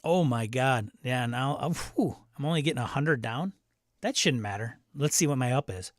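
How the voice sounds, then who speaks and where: A man's voice: mid-range voice, expressive, normal speed, no room sound, clean studio sound. Chatty man hosting a live stream. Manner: chatty, self-interrupting, reacts aloud to tech trouble. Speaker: stream host. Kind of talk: live stream chat reading viewer comments.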